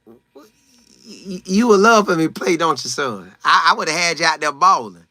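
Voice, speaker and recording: A bright, fairly high-voiced man hosts a live sports talk stream and answers viewers' comments one by one. His pitch swings all over as he gets worked up, repeats phrases for emphasis and acts out what others said. The sound is dry and close. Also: moderate pace, dry recording. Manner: animated, excitable, reads viewer names and answers them. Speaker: sports talk show host.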